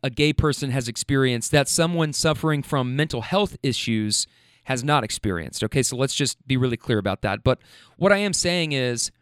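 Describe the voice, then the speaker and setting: A man's voice: mid-range voice, animated, normal speed, a bit bright, clear, resonant tone, no echo, studio quality. A man speaking candidly in a casual monologue, swearing freely and often checking in with "right?".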